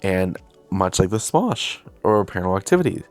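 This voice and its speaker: A young man with a deep, low voice tells a loose, rambling story straight to camera. He is self-deprecating and often acts out what people said. Soft music plays faintly underneath. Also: sing-song, brisk. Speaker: video host and filmmaker.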